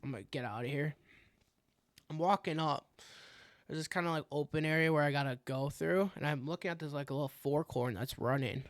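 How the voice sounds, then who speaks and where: A young man tells hunting stories on a podcast. His voice has a gravelly, fried texture. The sound is dry and close, and he acts out his own reactions as the story goes along. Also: fairly high pitch, fairly quick, no echo. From Wisconsin. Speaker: podcast co-host. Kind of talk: casual hunting story chat.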